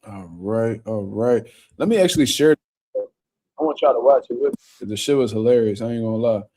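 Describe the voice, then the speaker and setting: A young man with a mid-range, slightly mellow voice hosts a casual boxing livestream from a room at home, speaking at a moderate pace. He reads out viewer comments and chats loosely, swearing often and laughing a lot.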